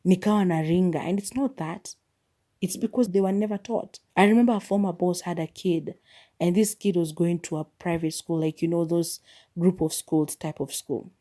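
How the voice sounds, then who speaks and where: A woman's voice: on the low side, steady tone, moderate pace, mellow. A Kenyan woman hosting a solo podcast, sharing her opinions in a candid, musing way. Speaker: podcast host.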